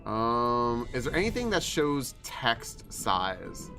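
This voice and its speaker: A man's voice: medium pitch, very animated, slow pace, bright, forceful tone. A man streaming a video game, chatting casually and thinking aloud with lots of fillers. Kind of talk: casual live-stream commentary. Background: game music.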